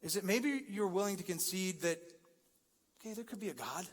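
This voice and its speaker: A man's voice: sits high, animated, a little fast. A man preaching a sermon, conversational and joking, building to emphatic peaks. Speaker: pastor. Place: large church hall. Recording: long church-hall reverb.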